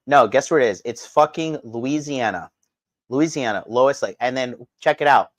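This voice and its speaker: A man with a medium-pitched voice speaks at a moderate pace, with no echo. He's a dating coach hosting a livestream indoors in Japan, going through the chat in a blunt, profane rant.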